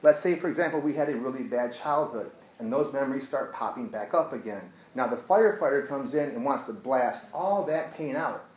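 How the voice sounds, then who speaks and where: With lively intonation, medium pitch and a slightly fast pace that leaves hardly any pauses, a male addiction therapist tells listeners about a client. He speaks earnestly, going quiet and hushed as he retells it, in poor audio from an echoey room.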